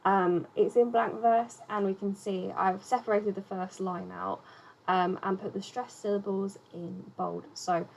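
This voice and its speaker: A woman's voice: medium pitch, level tone, a little slow, vocal fry, poor audio. A young woman teaching poetry in a loose, chatty way, full of "um" and "you know". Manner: chatty, filler-heavy, loose explaining. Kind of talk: casual explainer lesson.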